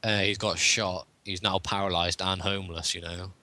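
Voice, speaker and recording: A man's voice: low voice, flat delivery, normal speed, bright, forceful tone, dry recording. A man co-hosting a podcast in a casual, joking chat, rambling along with frequent chuckles. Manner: rambling, jokey, chuckles often. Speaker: podcast co-host.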